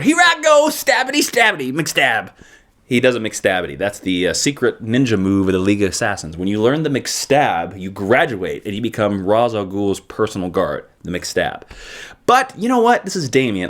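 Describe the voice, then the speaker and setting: A man reviewing comic books in a casual, joking vlog with quick asides. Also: mid-range voice.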